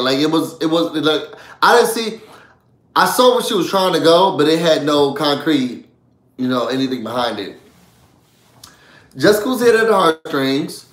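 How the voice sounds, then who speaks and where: A man casually recapping a reality show for his viewers, animated and chatty, often calling out to them. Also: fairly high pitch, moderate pace, roomy sound. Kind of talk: casual live recap chat.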